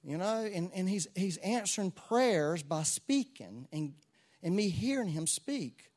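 A man preaching a sermon to a church congregation, moving between soft asides and loud exclamations. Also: sits high, big pitch swings, a little slow. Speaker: pastor.

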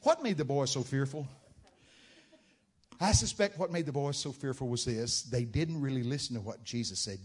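Dramatic preacher man, booming bursts. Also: moderate pace, breathy edge. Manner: dramatic storytelling, bursts into loud shouted quotes. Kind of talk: sermon.

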